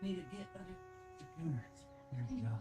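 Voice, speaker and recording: A woman's voice: lowish voice, animated, quick pace. A woman streamer in casual chat who teases, swears and laughs a lot, grunting with effort as she horses around. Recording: clear music playing behind.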